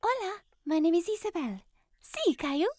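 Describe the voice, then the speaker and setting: A woman's voice: very high-pitched, big pitch swings, moderate pace, a little mellow, no room sound. Playful little girl. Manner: playful, mixes in Spanish words.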